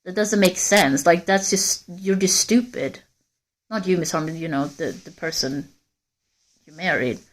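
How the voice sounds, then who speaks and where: A woman's voice: fairly low pitch, unhurried. Candid woman rambling to live-stream viewers. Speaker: livestreamer. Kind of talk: casual live-stream chat. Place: walking outdoors in a forest.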